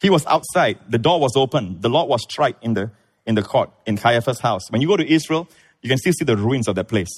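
Animated male preacher telling a story. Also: fairly quick, slightly rough. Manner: animated storytelling, acts out voices, big pitch swings. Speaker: pastor. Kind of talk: sermon.

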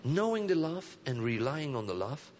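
A man preaching a sermon as pastor. He calls for responses from the congregation and swings between soft, low phrases and emphatic high bursts. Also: sing-song, normal speed, a little hiss or hum. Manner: engages the congregation with call and response.

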